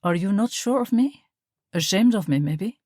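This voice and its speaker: A woman voicing a young German man who is charming on the surface but controlling, speaking smoothly with a sharp edge, recorded dry. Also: medium pitch, animated, normal speed, no echo, close to an everyday voice.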